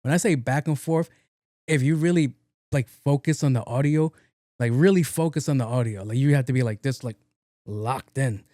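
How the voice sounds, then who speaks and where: Brief: young NY man, solo podcast host, loose and profane, mid-pitched, dry close sound. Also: moderate pace, dark tone, no echo. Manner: rambling, profane, slangy, acts out quotes. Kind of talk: casual solo podcast chat.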